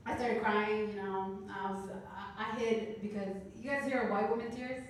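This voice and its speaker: A woman in her thirties from Canada doing a stand-up comedy set, telling stories with deadpan, dark punchlines. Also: mid-range voice, a little slow. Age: 30s. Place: comedy club stage. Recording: echoey club room heard from a distance.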